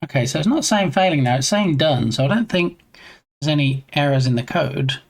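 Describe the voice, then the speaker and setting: Casual streamer, mid-pitched, narrating their own troubleshooting live and chatting with viewers between steps. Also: expressive, a little fast, gravelly. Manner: muses to self, reads screen text aloud, chats with viewers. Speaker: game dev streamer. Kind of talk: live-stream thinking aloud while troubleshooting. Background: headphones on.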